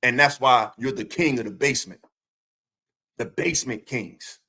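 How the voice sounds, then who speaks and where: A man's voice: medium pitch, normal speed, sharp tone, slightly rough. A man hosting his own stream, delivering a profane, confrontational rant full of taunting rhetorical questions. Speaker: streamer host.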